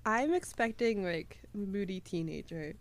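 A woman's voice: mid-range voice, expressive, unhurried, a little hiss or hum. A young woman co-hosting a podcast, chatting casually and gushing with frequent laughs and fillers. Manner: giggly, gushing, lots of fillers. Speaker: podcast co-host. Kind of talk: casual chat.

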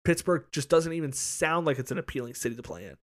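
A man with a voice on the high side talks at a quick pace, co-hosting a sports podcast into a podcast mic. The chat is casual and rambling, with repeated words and plenty of swearing.

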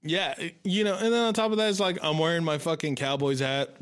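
A man in casual chat, telling a story in an animated, profane way and acting out the voices of people in it. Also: on the high side, a little fast, clean tone.

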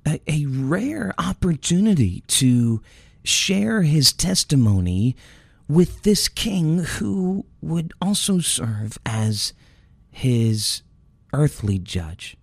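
A male preacher delivering an earnest, emotional sermon. His voice is gravelly and a little husky, and he speaks slowly. The sound is dry and close, with no room echo. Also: mid-range voice, darkish tone.

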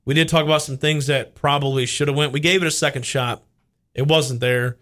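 A man's voice: fairly high pitch, steady tone, brisk, fairly bright tone. A man co-hosting a talk show, speaking earnestly about his own life. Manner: earnest, personal. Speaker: radio show co-host. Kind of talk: casual chat.

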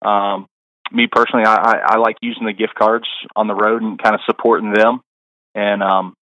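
A middle-aged man talks as a podcast guest, his voice sitting low. He rambles through stories with constant fillers and restarts. The sound is close and dry with no room around it. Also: little pitch movement, normal speed, pushed and bright, no echo, highs cut off. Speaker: caddie guest. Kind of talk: casual interview storytelling.

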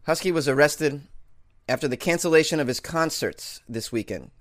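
A man's voice: fairly high pitch, moderate pace, no echo, studio quality. Rambling, self-amused podcast host man. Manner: rambling, self-amused, full of fillers and restarts. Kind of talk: casual comedic monologue.

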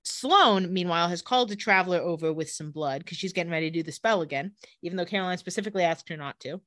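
A woman's voice: lowish voice, a bit bright, no echo, studio quality. A woman co-hosting a podcast, recapping a TV episode in casual chat with sarcastic asides. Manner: sarcastic asides while retelling scenes, quick laughs.

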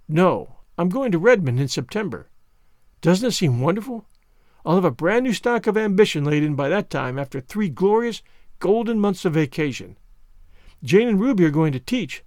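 A man's voice: sits high, no room sound, clean studio sound. A man reading as an effusive teenage schoolgirl. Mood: joyful. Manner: earnest, effusive, quick when excited. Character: eager, dramatic teenage girl student.

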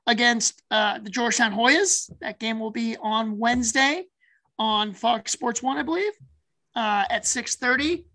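Upbeat woman co-host with a gravelly, slightly high voice; casual and chatty. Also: low-quality recording. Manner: chatty, animated, frequent fillers. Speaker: podcast co-host. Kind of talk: casual sports chat.

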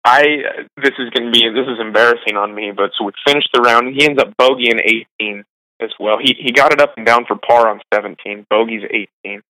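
A man's voice: mid-range voice, brisk, pushed and bright, dry recording, rough recording. A young man working as a caddie, rambling through stories in a casual, self-deprecating way. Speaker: golf caddie being interviewed. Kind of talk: casual storytelling.

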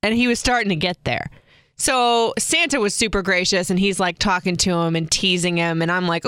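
A chatty young woman tells a casual story, full of wry asides and quick acted-out quotes. Her voice is smooth and clean, recorded close in a dry, dead room. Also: medium pitch, expressive, bright, forceful tone, no echo. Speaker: vlogger, mother.

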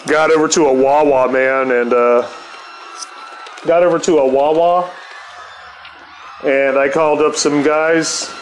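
A man's voice: mid-range voice, slight background noise, rough recording. A middle-aged man telling a rambling, profane anecdote and laughing often. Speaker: storyteller. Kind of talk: casual anecdote.

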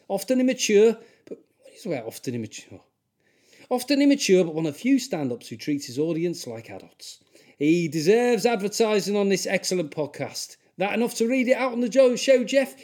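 Man voicing a mocking Scouse listener, high comic register. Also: sing-song, normal speed, a little mellow. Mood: teasing. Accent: put-on Scouse. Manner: teasing, mocking. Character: cheeky male Liverpool podcast fan.

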